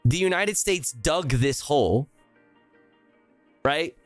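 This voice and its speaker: A man's voice: fairly high pitch, lively intonation, slow, no room sound, faint music behind. A male streamer ranting sarcastically and with heavy profanity while reacting live to a news clip.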